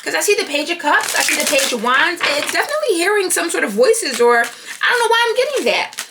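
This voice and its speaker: A woman doing a tarot card reading, animated and thinking aloud as she pulls cards. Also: very high-pitched, fast, noisy background. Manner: animated, talking to herself while pulling cards. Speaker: tarot reader.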